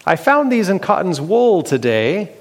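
A man voicing a gentle, sorrowful shepherd father in a story, speaking softly and gravely. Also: sits high, big pitch swings, a little slow, voice pushed up, exaggerated voice. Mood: questioning. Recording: long hall reverb.

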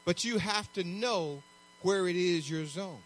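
A man preaching a sermon as pastor, conversational and animated, acting out little asides. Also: high-pitched, a little slow, slight background noise.

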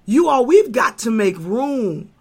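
A woman preaching a sermon, moving from hushed talk to shouting, repeating herself and stumbling over fillers. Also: on the high side, sing-song, takes it slowly, breathy edge. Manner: impassioned, swings from hushed to shouting.

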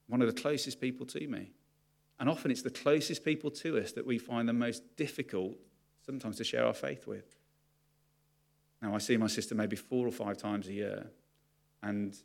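A man's voice: fairly low pitch, creaky. A man preaching a sermon to his congregation, candid and confessional about his own struggles. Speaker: pastor.

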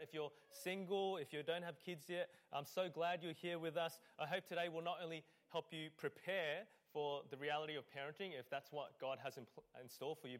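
A man, a lead pastor and a parent, preaching a conversational sermon in church with frequent fillers. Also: on the high side. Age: adult parent. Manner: conversational, with fillers; acts out scenes.

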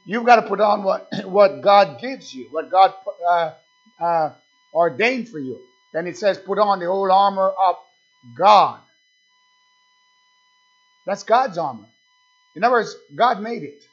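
A man's voice: sits high, expressive, measured pace, husky. A man preaching a sermon, emphatic and repetitive, calling out "amen" between points. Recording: dull lo-fi sound.

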